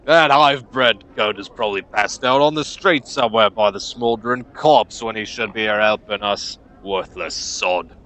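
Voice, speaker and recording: Burly angry dock foreman, loud and scolding, read aloud by a man. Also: lowish voice, moderate pace, hardly any pauses. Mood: gruff. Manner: loud, scolding, rough talk.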